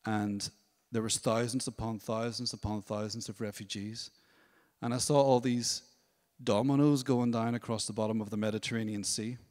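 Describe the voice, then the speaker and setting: A man giving a testimony at a church service, telling his story in a lively way and acting out other people's voices. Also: on the low side, normal speed, long reverb tail. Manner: storytelling, animated, acts out voices. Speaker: worship leader. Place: church hall.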